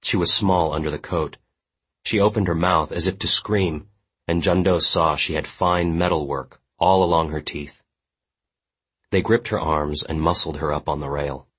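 Very deep, husky male audiobook narrator. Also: steady tone, moderate pace, fairly bright tone. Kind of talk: scripted literary narration.

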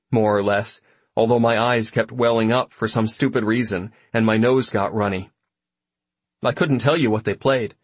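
A man narrating a first-person story audiobook in a reflective, even manner. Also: on the low side, slightly rough, no echo.

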